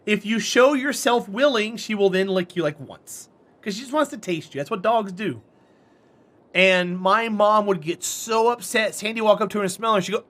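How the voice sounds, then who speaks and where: A man's voice: high voice, lively intonation, normal speed, a bit bright. A man chatting casually on a live stream while playing a game, rambling and answering chat.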